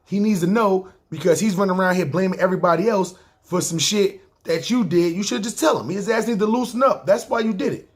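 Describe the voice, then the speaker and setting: A man's voice: sits high, a little fast, breathy edge. A man from New York with a New York accent, telling a long story casually, rambling, swearing freely and acting out what people said. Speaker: podcast storyteller.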